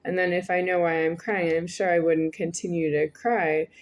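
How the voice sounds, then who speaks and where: A woman in her forties, vlogging to the camera in a lowish, level voice at normal speed. Her monologue rambles and repeats itself, with frequent hesitations.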